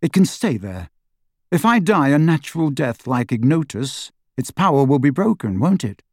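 A man voicing a weary teenage boy wizard, tired, quiet and measured, in an audiobook. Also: on the high side, very animated, no room sound, clean studio sound. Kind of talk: audiobook character voice.

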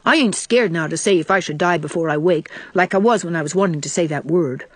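A woman voicing a small, anxious, earnest boy in a quick, pleading, higher voice. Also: dry recording, lightly acted.

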